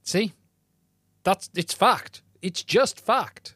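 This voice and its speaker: Male live-stream host, casual and friendly, greets chat by name; fairly high pitch. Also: very slow, a bit bright, no room sound, studio quality. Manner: chatty, greets viewers by name.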